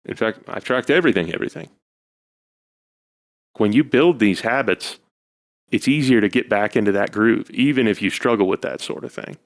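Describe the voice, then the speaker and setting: A man with a fairly low voice talks casually on a podcast, rambling through his stories. He is self-deprecating and leans on fillers as he goes. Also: moderate pace, pauses often. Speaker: podcast co-host, husband. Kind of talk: casual chat.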